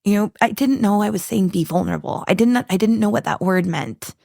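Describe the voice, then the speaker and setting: A woman's voice: mid-range voice, vocal fry, a little mellow, no room sound, studio quality. A woman guest on a podcast, telling her own story in a candid, earnest way, often restarting and searching for words. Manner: earnest, halting, many restarts and fillers.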